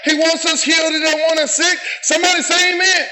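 Fiery high-voiced preacher. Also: male voice, flat delivery, quick pace. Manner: impassioned shouted preaching with call-and-response. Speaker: pastor. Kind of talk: sermon. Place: church sanctuary. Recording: echoey church room.

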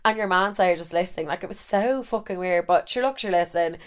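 A woman's voice: lowish voice, brisk, clean tone. A young Irish woman in her twenties casually telling a frank story in a vlog, chatty and swearing freely.

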